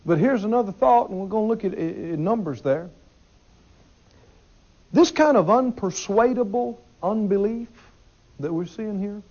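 A man delivers a sermon with a high, lively voice. He talks emphatically, repeats himself and asks the congregation questions. The recording sounds dull and lo-fi. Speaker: preacher.

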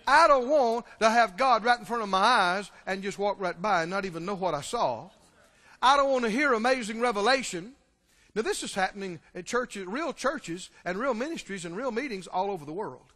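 A man preaching a sermon, emphatic and calling out to his congregation, swinging between hushed and shouted lines. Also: sits high, animated, normal speed. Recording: long hall reverb.

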